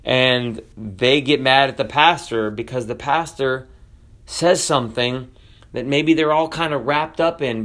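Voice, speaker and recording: A male pastor preaching a sermon and reading scripture aloud, swinging his voice up for emphasis and slowing down on key phrases. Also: fairly bright tone. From United States. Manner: varies pitch and pace widely, rising for emphasis and slowing on key phrases.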